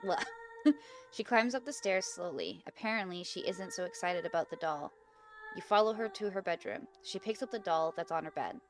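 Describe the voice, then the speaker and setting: A woman's voice: on the low side, moderate pace, over music. A young woman hosting a gaming video, casually reading out an interactive horror story, giggling and stumbling over words.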